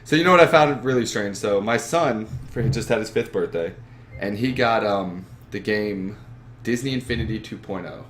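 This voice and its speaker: A young man with a lowish voice hosts a gaming podcast over his webcam. He rambles and swears freely, leaning hard on his points. A faint hiss of room noise sits behind him. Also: moderate pace, a bit bright. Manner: profane, rambling, emphatic. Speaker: podcast host. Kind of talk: casual chat. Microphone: webcam setup.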